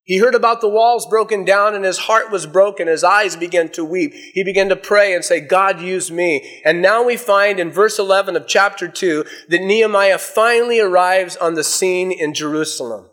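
High-voiced man preaching a sermon. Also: moderate pace, hardly any pauses, fairly bright tone. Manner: reads scripture aloud, then explains it with illustrations. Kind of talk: sermon with scripture reading.

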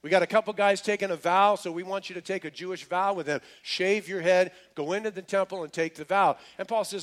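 A man's voice: sits high, fairly even intonation, a little fast, few pauses, fairly bright tone. A man preaching a sermon, retelling a story casually with slang and repeated restarts. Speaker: pastor.

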